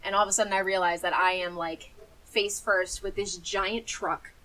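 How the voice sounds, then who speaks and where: A woman's voice: medium pitch, steady tone, moderate pace, a bit bright, poor audio. A woman, telling a story on a casual podcast and acting out the voices she quotes. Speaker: podcast co-host. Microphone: podcast mic.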